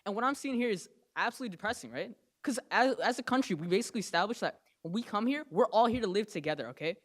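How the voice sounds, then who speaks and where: Fast, emphatic, and impassioned, this young man from New Jersey comments publicly at a council meeting, repeatedly finishing with "okay?" and "right?" His high-pitched voice comes across animated and somewhat bright.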